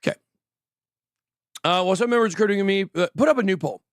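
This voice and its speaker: A man hosting a casual crypto livestream, talking quickly and jokily, often trailing off mid-thought. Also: sits high, dry recording, clean studio sound. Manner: rambling, quick, jokey, trails off. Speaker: crypto show host.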